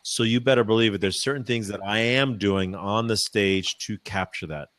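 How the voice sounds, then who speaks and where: A man, a professional speaker, answering interview questions in a chatty, animated way with many fillers and restarts, using a practiced voice dropped low from the diaphragm. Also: normal speed, no echo. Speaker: professional speaker, podcast guest. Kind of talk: casual interview answers, storytelling. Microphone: microphone.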